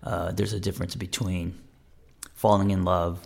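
A man hosting his own podcast as a therapist, talking in a relaxed, rambling, candid way with some self-deprecation, recorded in a home podcast room on a studio mic. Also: low-pitched, normal speed, vocal fry, husky. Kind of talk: casual self-help monologue. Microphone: studio microphone with mixer.

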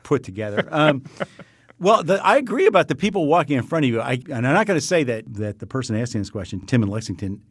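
An older man from New York, a guest humorist in casual radio chat, telling wry stories with an animated, laughing delivery. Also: mid-range voice, quick pace, husky, dry recording, clean studio sound.

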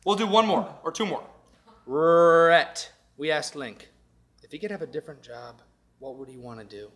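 A man's voice: fairly high pitch, normal speed, fairly bright tone. A man hosting a podcast who chats casually, jokes and laughs often. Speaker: podcast host. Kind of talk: casual chat.

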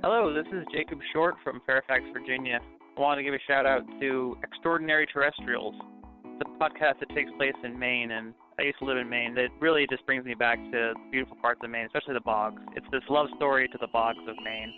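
A man's voice: medium pitch, steady tone, a little fast. A man leaves a casual, earnest voicemail and stumbles over the odd filler. His voice comes through a tinny phone line. A little music plays faintly behind. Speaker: voicemail caller.

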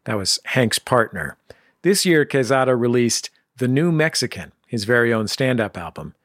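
Man, radio show host, relaxed scripted links, dry studio sound. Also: medium pitch, moderate pace, no room sound.

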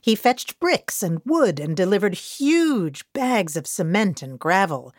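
A woman reading a children's picture book aloud with a co-reader, animated and playful. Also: medium pitch, a little slow, no room sound, studio quality. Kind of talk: children's storybook read-aloud.

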